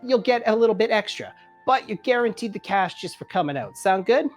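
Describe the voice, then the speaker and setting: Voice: mid-range voice, animated, fairly quick, soft background music, lightly acted. A game master voicing a chummy male wrestling promoter who talks in salesman patter. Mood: hustling. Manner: chummy salesman patter, calls people friend. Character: folksy male wrestling promoter, fast-talking boss.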